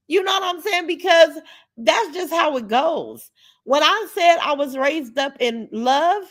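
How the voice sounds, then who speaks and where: A woman hosting a casual livestream, blunt and profane, reading viewer comments aloud and greeting them warmly. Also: sits high. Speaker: livestream host.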